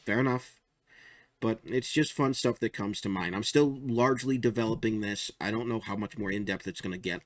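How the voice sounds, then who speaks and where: A man's voice: sits low, a bit bright, no echo. A man casually walking through his own comic strips, chatty and rambling, chuckling at his jokes. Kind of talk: casual show-and-tell commentary.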